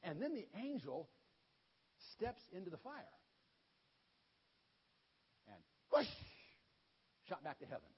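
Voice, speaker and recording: A man's voice: high voice, unhurried, long pauses, slightly rough. A man telling a children's story sermon in a folksy, informal way. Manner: folksy, animated, informal retelling. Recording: dull lo-fi recording.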